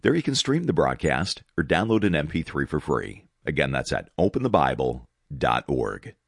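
Deep husky male radio host. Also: very animated, normal speed, no echo, studio quality. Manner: friendly, conversational announcer. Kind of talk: radio broadcast announcement.

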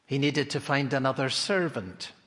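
A man's voice: mid-range voice, moderate pace, a bit bright, big-room sound. A man preaching an expository sermon, telling the story animatedly and posing rhetorical questions.

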